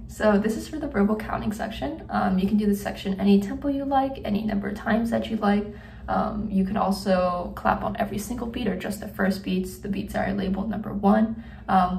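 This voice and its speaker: A young woman explaining a drum audition in a relaxed way with lots of fillers, counting beats aloud as she plays. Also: mid-range voice, gravelly, recorded from a distance. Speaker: student drum instructor. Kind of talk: casual instructional demo. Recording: echoey room, off-mic, faint noise.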